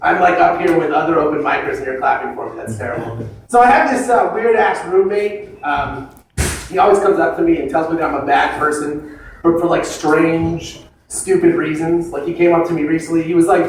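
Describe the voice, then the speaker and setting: A young man with a fairly high voice works an open-mic stand-up set, spinning wry, self-deprecating stories. He sounds a little far from the mic. The room around him is very echoey, with faint noise underneath. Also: fairly quick, gravelly.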